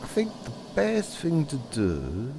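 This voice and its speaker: A man's voice: a little high, wildly swooping pitch, slow pace, vocal fry, background noise, voice pushed up, exaggerated voice. A man voicing a helpful talking snowman who rambles as he gives directions. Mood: advising.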